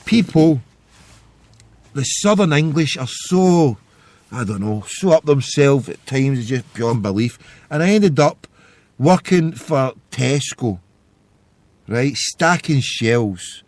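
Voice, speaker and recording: A Scottish podcast host with a mid-range, slightly mellow voice tells stories in a loose, rambling monologue. He speaks slowly with lively intonation, and the recording has no echo.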